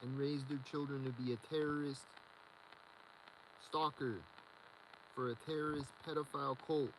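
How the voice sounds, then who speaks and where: A man's voice: medium pitch, fairly even intonation, normal speed, background noise. A man rambling in a solo video monologue, agitated and repetitive as he rants. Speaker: vlogger.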